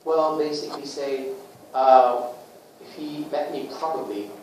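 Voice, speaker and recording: Man, book presenter, casual talk, fairly high voice, lively, echoey room, faint noise. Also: a little slow, distant mic. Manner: lively, asks rhetorical questions, plays out little scenes. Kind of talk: informal talk to a small group.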